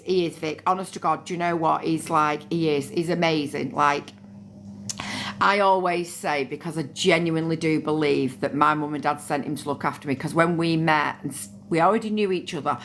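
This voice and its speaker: Woman in her 40s chatting on a phone livestream, lowish voice, bit of hiss behind her, swears and repeats herself a lot. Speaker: livestream host. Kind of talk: casual chat on a live stream.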